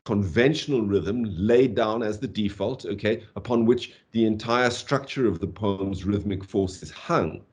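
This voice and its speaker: Animated male literature lecturer. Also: mid-range voice. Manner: animated, vocalizes rhythms aloud, frequent "okay". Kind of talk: university lecture.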